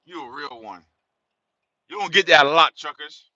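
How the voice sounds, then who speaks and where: A man who drives a truck, talking bluntly and casually in a streetwise way, swearing freely as he films from the cab on the highway. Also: normal speed, bright, forceful tone. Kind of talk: casual vlog while driving. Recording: dull lo-fi sound.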